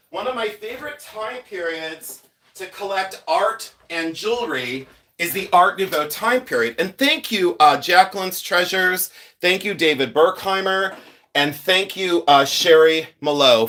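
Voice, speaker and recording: Casting: middle-aged male livestream host, stuffy-nosed and rambling, voice sitting a bit high. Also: fairly bright tone. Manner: chatty, rambling, thanks viewers often. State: congested, sniffly from sinuses. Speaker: livestream host, jewelry collector. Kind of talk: casual live-stream chat.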